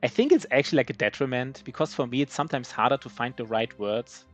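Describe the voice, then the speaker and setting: A man's voice: medium pitch, quick pace. Man, German accent, native German speaker, streamer, live game commentary, rambling, self-deprecating, faint music behind. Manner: rambling, self-mocking, many restarts.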